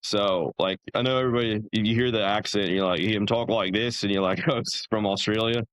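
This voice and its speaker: A man's voice: fairly low pitch, fairly even intonation, a little fast, a bit bright, poor audio. A young man, a podcast guest, telling his story in a casual, rambling way, full of fillers and restarts.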